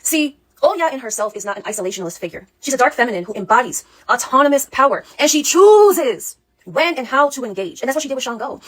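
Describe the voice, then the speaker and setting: Fast-talking husky woman, blunt and profane. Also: sits high. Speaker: spiritual coach. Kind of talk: casual vlog monologue.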